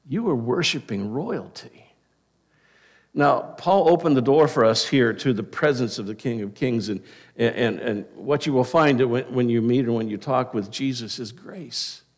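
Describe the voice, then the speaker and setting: A man preaching a sermon as a pastor, talking conversationally with frequent restarts and asides, slowing down to stress key words. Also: mid-range voice.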